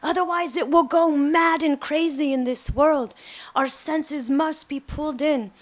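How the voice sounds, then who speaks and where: A woman's voice: high-pitched, measured pace. A middle-aged woman giving a devotional talk, telling personal stories and acting out the quotes. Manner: animated storytelling, acts out quotes. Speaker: devotional speaker.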